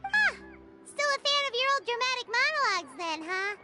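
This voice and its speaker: Squeaky little game sidekick, teasing and bouncy, music loud behind. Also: female voice, sing-song, moderate pace. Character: tiny cheeky floating female companion creature. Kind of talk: video game voice acting.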